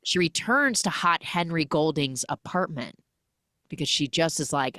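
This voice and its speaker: A woman hosting a podcast, recapping a film in an animated, jokey way full of 'like'. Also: sits low, measured pace, no room sound, studio quality. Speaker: podcast host.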